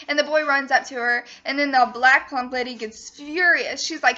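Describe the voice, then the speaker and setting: A woman's voice: high voice, moderate pace, hardly any pauses, pushed and bright, dull audio. A young woman student summarizing a short story for a class presentation, in a chatty way full of fillers like "you know" and "um". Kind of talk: casual spoken book summary.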